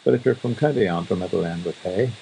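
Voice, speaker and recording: A Northern Irish man rambles through a casual radio chat with dry humour. His voice sits very low with a gravelly fry and a dark, mellow colour. Faint hiss runs under the recording. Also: fast, low-quality recording. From Northern Ireland. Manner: chatty, wry storytelling. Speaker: radio host. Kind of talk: casual monologue.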